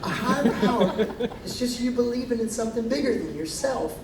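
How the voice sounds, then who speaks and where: A man's voice: very high voice, fairly quick, noisy background. Man doing a sassy, doting rehab counselor lady. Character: blunt motherly woman rehab counselor. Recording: echoey live hall, distant mic, crowd.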